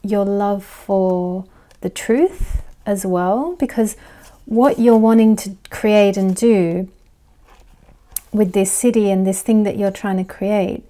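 A woman giving a casual pick-a-card tarot reading, chatty and rambling, laughing often and dropping into soft asides. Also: mid-range voice, slow. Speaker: tarot reader and life coach.

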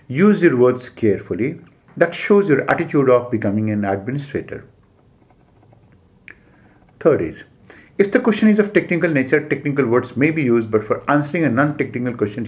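A man with an Indian English accent lecturing as an exam coach, giving numbered points with frequent "uh" pauses and repeated key phrases. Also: mid-range voice, darkish tone. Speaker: civil service exam coach. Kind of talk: classroom lecture.

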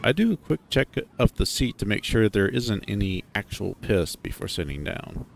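A man narrating a first-person story in a conversational, animated way. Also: fairly low pitch, normal speed, gravelly, slight background noise.

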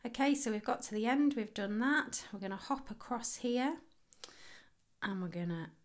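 A woman's voice: a little high, animated, moderate pace. A woman hosting a crochet tutorial, chatty and rambling with playful self-mocking asides. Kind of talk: casual how-to tutorial.

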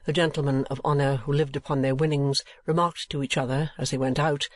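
A man narrating a classic novel as an audiobook in a steady, measured way. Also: on the high side, dry recording, clean studio sound.

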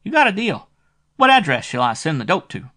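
Shrill, greedy gumshoe on the phone, high and loud, read by a male narrator. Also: big pitch swings, a little fast, exaggerated voice. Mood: haggling. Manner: haggling. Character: shrill, money-minded male private detective.

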